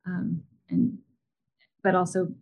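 A woman's voice: fairly low pitch, slow, creaky, narrow, tinny audio. Chatty woman podcast host. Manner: chatty, many fillers and restarts. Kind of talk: casual interview chat.

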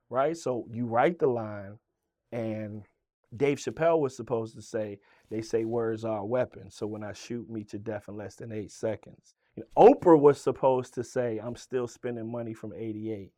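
A man from Virginia tells stories in a relaxed interview. He swears freely and acts out the voices of the people he quotes. His medium-pitched voice sits close and dry, with no room sound. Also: no echo. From Virginia, USA. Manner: animated storyteller, swearing, acting out quoted voices. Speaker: guest, rapper. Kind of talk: casual storytelling interview.

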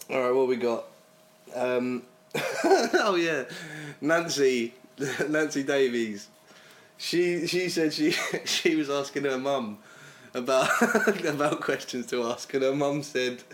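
Laughing, teasing man. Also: on the high side. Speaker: podcast host. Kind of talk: casual banter.

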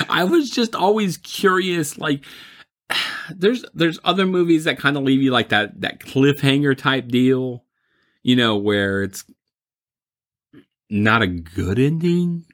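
A man's voice: a little high, animated, slow pace, pauses often, a bit bright. A man chatting casually about movies, rambling and mocking, laughing often.

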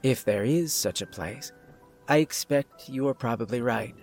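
A man reading a calm, menacing doctor who speaks politely with clinical detachment. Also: mid-range voice, measured pace, faint music behind, lightly acted. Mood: coldly polite.

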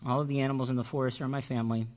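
A man's voice: mid-range voice, flat delivery, rapid-fire, a little mellow, close to an everyday voice. A man voicing a lonely young male bunny in a storybook, plaintive and sniffling. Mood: wondering.

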